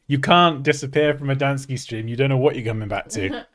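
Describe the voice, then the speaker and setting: A man's voice: mid-range voice, brisk, a bit bright. A British man hosting a livestream, chatting casually and joking, often laughing. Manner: jokey, laughs a lot, drifts into silly accents. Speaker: livestream host.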